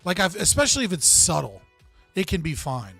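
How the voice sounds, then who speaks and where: A male live-stream host talking to his chat in a blunt, profane, laughing way. His voice sits a little on the high side. Faint music runs under him as he reacts from his desk. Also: huge pitch swings, a little fast, gravelly, pushed and bright, husky, dry recording.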